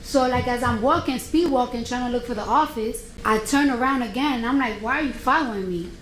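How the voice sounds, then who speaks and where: A woman's voice: on the high side, brisk, roomy sound, slight background noise, rough recording. A woman testifying in court, animatedly retelling a confrontation and quoting both sides. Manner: animated retelling with quoted dialogue. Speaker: witness testifying.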